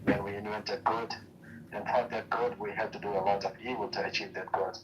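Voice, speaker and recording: Calm low-voiced man. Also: brisk, recorded from a distance, noisy background. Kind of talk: casual debate.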